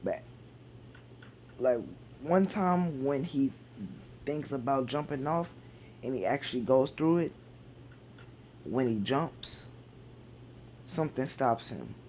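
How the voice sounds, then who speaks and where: Slow, rambling man telling a fan story. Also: mid-range voice, lively intonation, a little mellow, a little hiss or hum. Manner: rambling, many fillers and restarts. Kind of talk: casual fan fiction idea retelling. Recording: dull lo-fi home recording.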